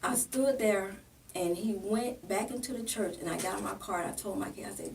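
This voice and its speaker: A woman's voice: medium pitch, normal speed, creaky, a little mellow, far from the mic, a little hiss or hum. Earnest woman pastor telling her story. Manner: plain-spoken, earnest, acts out remembered dialogue. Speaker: pastor and political candidate. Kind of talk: emotional personal storytelling in a podcast interview.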